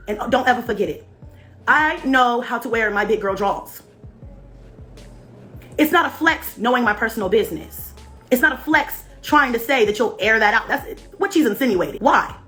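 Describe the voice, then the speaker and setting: Fast-talking woman ranting on a livestream. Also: on the high side, a bit bright. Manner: confrontational and profane. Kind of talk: livestream rant.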